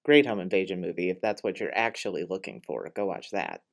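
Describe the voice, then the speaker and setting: A man's voice: low-pitched, animated, brisk, vocal fry. A young man co-hosting a podcast, sardonic and blunt, swearing freely while recapping a movie. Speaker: podcast co-host. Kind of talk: casual movie recap chat.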